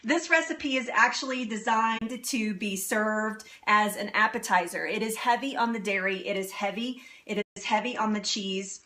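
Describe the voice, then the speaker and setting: A woman's voice: mid-range voice, moderate pace, hardly any pauses, sharp tone. A woman in her thirties hosting a live cooking stream from her home kitchen, chatting with viewers and laughing often. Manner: chatty, giggly, answers viewer comments. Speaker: cooking show host.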